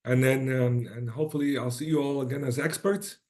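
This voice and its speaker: A man's voice: medium pitch, steady tone, a little fast, a little mellow. A man with a slightly worn-out voice wrapping up an online presentation, informal and encouraging, often checking in with "right?". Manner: informal, many restarts and rhetorical "right?". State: slightly lost voice.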